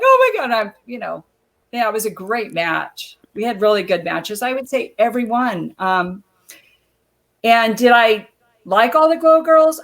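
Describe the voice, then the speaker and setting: A woman guest on a video call interview, telling stories in a chatty way and laughing often. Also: medium pitch. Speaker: guest, former wrestler. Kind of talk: casual interview chat.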